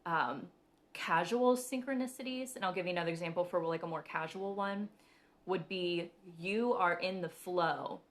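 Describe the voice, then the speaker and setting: Casting: young woman host of a live spiritual show, low-pitched, chatty, laughs easily, lots of fillers. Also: fairly bright tone. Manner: chatty, giggly, many ums. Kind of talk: casual live-stream talk.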